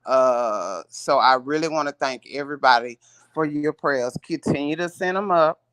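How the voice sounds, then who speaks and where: A woman guest on a video call, telling her side of the story in casual chat, soft-spoken and laid-back. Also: deep voice, moderate pace. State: hospital patient.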